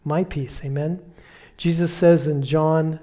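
A man preaching a conversational sermon, repeating key phrases and slowing down to quote Scripture softly. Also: on the high side, steady tone. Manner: slows and softens when quoting Scripture.

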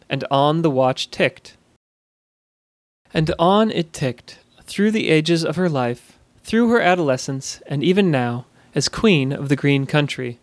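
A man telling a fantasy story in a measured, steady narrating voice. His pitch sits a little higher than most men, and the recording is dry and close, with no room sound. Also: no echo. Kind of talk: scripted narration.

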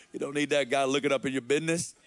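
A man from Arkansas, preaching and telling a personal story in an earnest, halting way. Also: medium pitch, fairly even intonation, a little hiss or hum. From Arkansas, USA. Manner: earnest, slow and halting, with quoted dialogue. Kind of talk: sermon storytelling.

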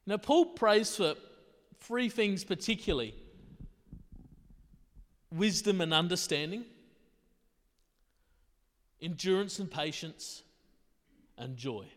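A man's voice: high-pitched, expressive, takes it slowly, pauses often. A man preaching a sermon in a conversational way, firing off rhetorical questions. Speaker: pastor. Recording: long reverb of a large hall.

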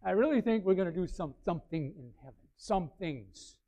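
A male pastor preaching a sermon, animated, swinging between quiet asides and loud bursts. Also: high-pitched, a little fast. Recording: slightly dull, lo-fi sound.

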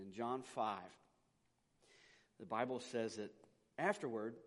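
A man, a pastor, preaching a conversational sermon that swings between loud emphasis and quiet, intimate asides. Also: medium pitch. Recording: long hall reverb.

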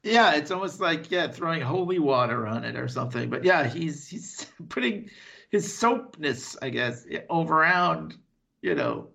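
A man co-hosting a podcast, retelling a TV episode in casual chat and slipping into quick voices for the characters. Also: fairly high pitch, vocal fry. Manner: animated retelling with quick impressions and laughs. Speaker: podcast co-host.

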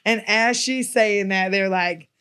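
Animated woman telling stories. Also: medium pitch, slow pace, clear, resonant tone. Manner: animated storyteller, laughs easily. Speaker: comedian guest. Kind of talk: casual chat.

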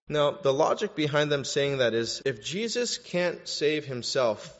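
A male pastor delivers a sermon, his slightly high voice swelling in pitch and volume when he drives home a point. The sound is muffled and lo-fi, carried by the long reverb of a large hall. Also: measured pace, hardly any pauses. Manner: animated, rises in pitch and volume for emphasis.

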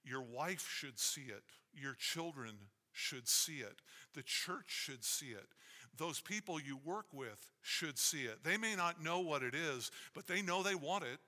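Male pastor, sermon, fairly high voice, bright tone, long hall reverb. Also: expressive, unhurried. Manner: emphatic, repetitive preaching cadence.

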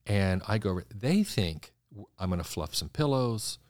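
A man, a designer guest in an interview, telling stories in an animated way and acting out the voices of people he quotes. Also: on the low side, unhurried, no echo, studio quality. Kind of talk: conversational interview storytelling.

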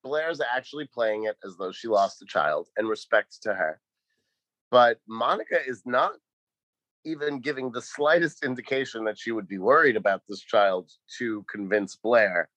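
A man's voice: medium pitch, normal speed, fairly bright tone, no room sound, rough recording. A man co-hosting a podcast in casual chat, making dry, wry remarks and doing mocking impressions. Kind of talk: casual chat reviewing a sitcom.

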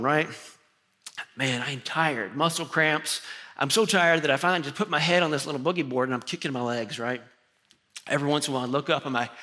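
A middle-aged male pastor, voice a little high, preaches a sermon and tells a personal story. His humor is animated and self-deprecating.

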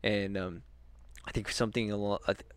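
A man's voice: fairly low pitch, steady tone, fairly quick, no echo. Young man rambling on a podcast. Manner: rambling, swears freely, trails off and restarts stories. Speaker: podcast host. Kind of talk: casual chat. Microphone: podcast mic.

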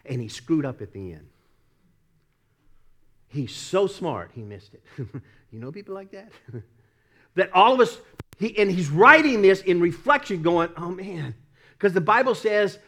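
Lively, animated male pastor preaching. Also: sits high, measured pace, long pauses. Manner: animated storytelling, acts out quoted voices, laughs often. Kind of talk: sermon.

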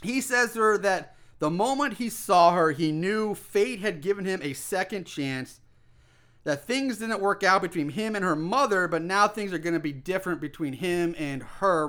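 A man's voice: sits high, sharp tone. A man co-hosting a casual podcast, recapping a film plot in a rambling, profane way with lots of restarts. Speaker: podcast co-host.

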